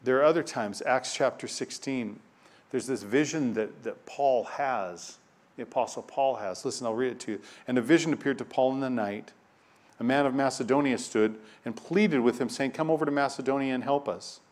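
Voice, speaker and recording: A man delivering a sermon from scripture, his voice sitting at an ordinary middle pitch. He drops to near-hushed reflection, then climbs into loud, emphatic declarations. He often repeats a phrase for weight. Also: moderate pace. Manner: dynamic preaching, swinging from hushed to loud and emphatic; reads scripture aloud, repeating key phrases. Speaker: preacher.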